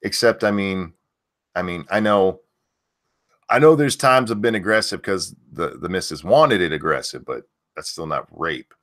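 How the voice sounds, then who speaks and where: Deep-voiced man ranting profanely. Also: expressive, moderate pace. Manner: blunt, sarcastic, swears often, jumps up loud in outbursts. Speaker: streamer host reading news. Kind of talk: profane live-stream news rant.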